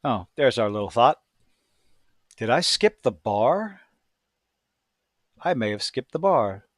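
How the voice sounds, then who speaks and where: A man's voice: mid-range voice, big pitch swings, slow pace, dry recording, studio quality. Blunt rambling man reviewing a show. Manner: blunt, rambling, self-deprecating. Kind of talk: casual review commentary.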